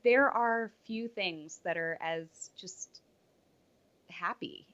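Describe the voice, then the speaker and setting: A woman in her thirties, a podcast guest, talking in an earnest, reflective way with halting restarts. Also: on the low side, fairly bright tone, highs cut off. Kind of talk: casual interview chat.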